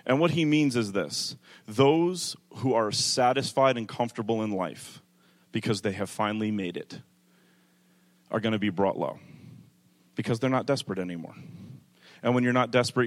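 A male pastor preaching a sermon, moving from calm teaching to rising, emphatic delivery, with conversational asides to the congregation. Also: normal speed, pauses often. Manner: builds from calm teaching to loud, high-pitched preaching.

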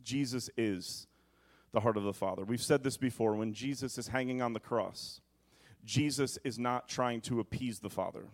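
A man's voice: medium pitch, normal speed. A male pastor preaching a sermon, reading scripture aloud dramatically and breaking off into asides to the congregation.

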